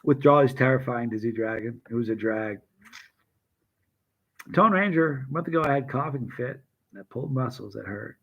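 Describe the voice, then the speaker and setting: A man's voice: mid-range voice, normal speed, husky, lo-fi sound. Middle-aged man, loose storyteller; trips over his own sentences and talks straight to his viewers. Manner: rambling, self-interrupting, addresses viewers by name. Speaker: vlogger chatting with live chat. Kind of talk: casual rambling storytelling.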